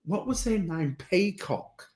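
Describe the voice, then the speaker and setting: A woman's voice: on the low side, animated, slow pace, a crowd in the background, poor audio. A woman hosting a casual chat, rambling and reminiscing, often trailing off and restarting. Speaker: host.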